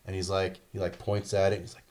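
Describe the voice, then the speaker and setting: A man's voice: low voice, flat delivery, fast, darkish tone. A man co-hosting a gaming podcast, talking casually and rambling with lots of fillers. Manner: rambling, filler-heavy, laughing easily. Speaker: podcast co-host.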